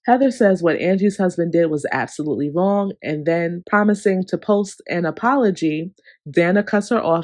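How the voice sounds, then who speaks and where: A reviewer giving a casual, opinionated recap of a reality TV episode, talking straight to viewers with sassy asides and big animated pitch jumps. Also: normal speed, dry recording.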